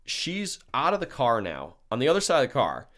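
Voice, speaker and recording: Young man, podcast host, casual storytelling, swears a lot, acts out quotes, pitch swinging up and down. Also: wildly swooping pitch, a little fast, a bit bright.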